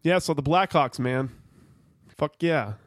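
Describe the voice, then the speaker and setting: A man's voice: on the high side, unhurried, no room sound, clean studio sound. A man co-hosting a podcast in casual chat, loose and rambling, with plenty of swearing. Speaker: podcast co-host.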